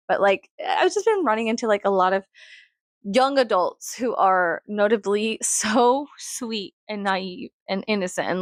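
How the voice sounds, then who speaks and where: Gravelly young Texan woman venting. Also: no echo, studio quality. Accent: mild Texas. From Texas, USA. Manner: rambling, swears often, acts out quoted voices with big pitch jumps. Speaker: vlogger. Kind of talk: casual vlog monologue.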